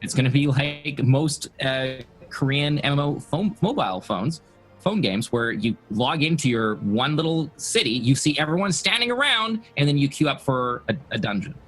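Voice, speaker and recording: Husky-voiced man rambling on a podcast. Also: medium pitch, expressive, moderate pace, a bit bright, faint music behind, low-quality recording. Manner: rambling, repeats words while thinking. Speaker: podcast co-host. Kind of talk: casual gaming podcast chat.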